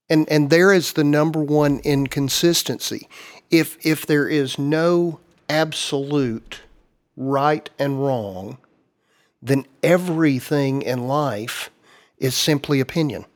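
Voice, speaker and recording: A man's voice: on the high side, slow. A man hosting a casual discussion, explaining ideas earnestly and at length.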